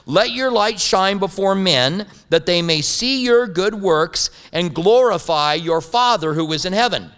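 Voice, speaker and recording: A man's voice: sits high, a bit bright. A man preaching a sermon as a pastor, telling stories with humorous asides. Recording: long hall reverb.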